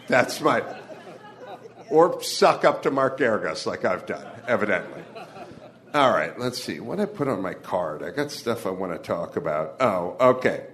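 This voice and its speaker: A man's voice: medium pitch, sing-song, normal speed, fairly bright tone, some chatter behind, a little hiss or hum. A man from the Los Angeles area performing a stand-up comedy monologue live on stage, ranting with profanity and wry asides.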